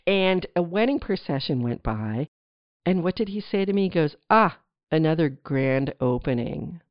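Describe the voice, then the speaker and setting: A middle-aged woman from New Jersey hosting a podcast, telling her story in a chatty, animated way with playful asides to the listener. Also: deep voice, normal speed, no echo. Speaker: podcast host. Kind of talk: casual solo storytelling. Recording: dry, slightly dull lo-fi sound.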